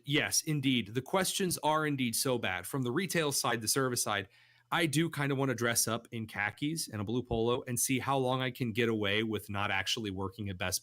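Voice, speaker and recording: A young man hosting a radio talk show, telling funny stories with lively shifts of voice. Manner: animated storyteller, jumps pitch for quoted voices. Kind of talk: casual radio chat.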